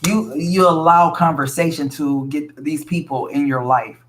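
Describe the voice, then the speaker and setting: Blunt, fairly high-voiced man reading tarot. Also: steady tone, unhurried, fairly bright tone, slight background noise. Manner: blunt, frank and profane, calls the listener sweetie. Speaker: tarot reader. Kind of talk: casual tarot reading to viewers.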